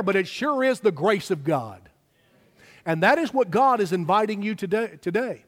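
A man preaching a sermon as pastor, emphatic and slowing down to stress key words. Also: high-pitched, animated, in a large hall.

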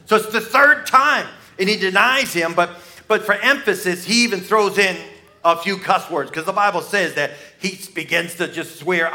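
A man preaching in a church, telling the story with drama and playing out the voices he quotes. His voice rides a little high and rings bright and forceful, jumping from near-shouts down to hushed asides. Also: fairly quick. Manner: dramatic storytelling, swinging between loud outbursts and hushed asides. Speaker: pastor. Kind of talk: Easter sermon.

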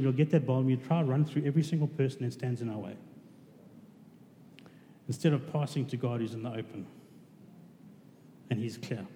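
A man's voice: mid-range voice, warm tone. A man preaching a conversational sermon, asking his congregation questions. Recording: reverberant hall with faint noise.

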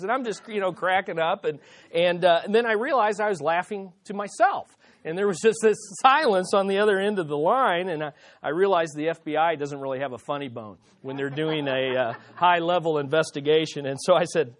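Man, middle-aged, pastor, sermon, anecdotal, repeats words, slows for emphasis. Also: sits high. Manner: storytelling, stumbles and repeats words; slows down to stress key lines.

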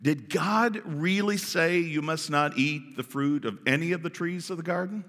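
A man's voice: a little high, normal speed, fairly bright tone, long reverb tail, voice pushed down, close to an everyday voice. A man reading the lines of a sly, tempting serpent in sermon style.

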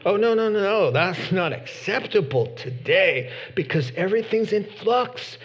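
A man preaching a sermon in an animated, emphatic way, with sudden loud bursts. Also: high-pitched, moderate pace, highs cut off. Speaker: pastor.

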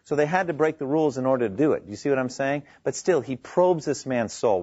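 A man preaching a sermon in a conversational, animated way, acting out scripture quotes with his voice rising high. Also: fairly quick, slightly rough, dry recording, highs cut off.

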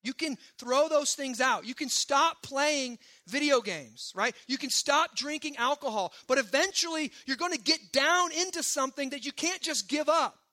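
A pastor delivering a sermon in a high, strikingly bright voice. He preaches conversationally and with emphasis, tossing quick asides to his listeners.

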